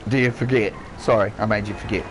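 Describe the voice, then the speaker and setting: A man's voice: fairly low pitch, fairly even intonation, fast, noisy background. A man with a New Zealand accent, ranting on a live game stream, swearing heavily and repeating himself. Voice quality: swears constantly, shouts and drops his voice, repeats himself. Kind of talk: heated rant on a live stream.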